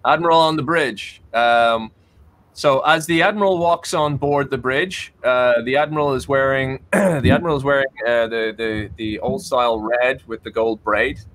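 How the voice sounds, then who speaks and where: A man's voice: medium pitch, moderate pace, fairly bright tone. A man narrating as game master for a tabletop role-playing game, with many ums and restarts.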